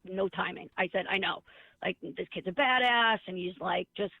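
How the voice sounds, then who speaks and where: A woman's voice: lowish voice, normal speed, vocal fry, slightly rough. A woman who works as a teacher, chatting casually and telling stories with sarcasm, acting out the voices of the people in them. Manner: sarcastic, animated storyteller acting out dialogue. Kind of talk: casual chat. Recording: tinny phone-like line.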